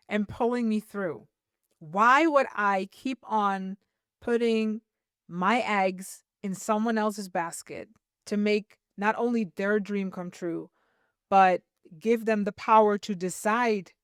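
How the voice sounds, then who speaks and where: A young woman speaks as a podcast host, sharing a personal faith testimony in a reflective, heartfelt way. Her voice sits at an average pitch and sounds close and dry, with no room echo. A slight tearful edge runs through her earnest delivery. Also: clean tone.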